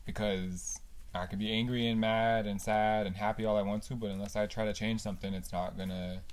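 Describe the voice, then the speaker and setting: A woman's voice: rumbling low, steady tone, brisk, darkish tone. A woman in her twenties co-hosting a podcast, joking, laughing often and swearing in casual chat. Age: 20s. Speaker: podcast co-host.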